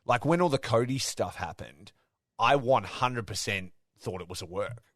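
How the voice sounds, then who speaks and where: A man co-hosting a casual wrestling podcast, telling stories with excitement, swearing often and acting out what others said. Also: medium pitch, normal speed, no echo, studio quality. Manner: excitable storytelling, swears a lot, acts out quotes. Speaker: podcast co-host.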